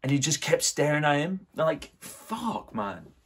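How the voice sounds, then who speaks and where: A young man hosting a casual movie reaction, excitable and swearing, with lots of "like" fillers. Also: a little high, unhurried.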